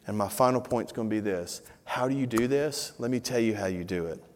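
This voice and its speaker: A middle-aged man preaching a sermon, telling a family story with lively acted-out dialogue before turning to earnest exhortation. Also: fairly low pitch, brisk, a little hiss or hum. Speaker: pastor. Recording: long reverb of a large hall.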